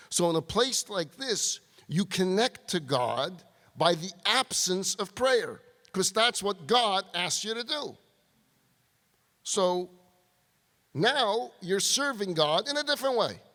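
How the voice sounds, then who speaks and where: Male rabbi storyteller, a touch high-pitched, long reverb from a large hall. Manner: animated storyteller acting out dialogue. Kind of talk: storytelling sermon.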